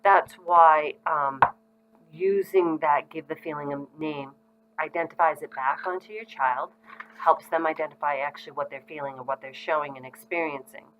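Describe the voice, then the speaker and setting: Middle-aged woman, low pitch, casual parenting educator, relaxed and conversational. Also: moderate pace, lo-fi sound, a little hiss or hum. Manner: frequent ums, conversational and reassuring. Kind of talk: casual instructional talk to parents.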